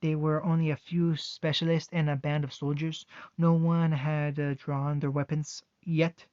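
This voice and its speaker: A man reading fan fiction aloud, halting with fillers and restarts, on a dull, dry recording. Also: on the high side, flat delivery, darkish tone, no room sound.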